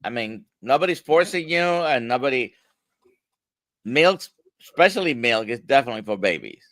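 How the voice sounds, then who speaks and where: A man with a Spanish accent, a doctor co-hosting a live show, speaking in an animated way. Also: mid-range voice, normal speed, dry recording. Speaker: doctor and co-host.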